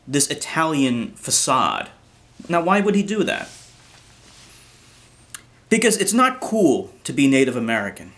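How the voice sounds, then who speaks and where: A man's voice: mid-range voice, sing-song, measured pace, pauses often, fairly bright tone. A man delivering a ranting commentary vlog in an indignant, profane tone, often restarting his sentences. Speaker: commentary vlogger.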